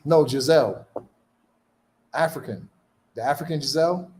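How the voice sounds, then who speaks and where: Male friend, chatty and teasing, raised pitch, light noise behind. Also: normal speed, a little mellow. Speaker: friend on the stream. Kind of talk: casual banter.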